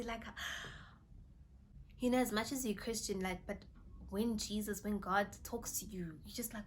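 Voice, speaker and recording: A young woman talks casually to her viewers from her bedroom, animated and exclaiming one moment and dropping to an awed hush the next. She reads scripture aloud in a mid-pitched voice. Faint room noise sits under her voice. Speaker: faith vlogger. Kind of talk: casual faith vlog storytelling.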